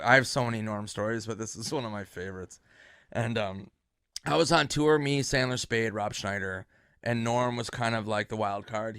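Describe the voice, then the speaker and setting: A middle-aged man, a comedian, rambling through a self-mocking backstage story and loudly acting out the others in it. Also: fairly low pitch, smooth, dry recording, clean studio sound. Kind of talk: anecdote on a podcast.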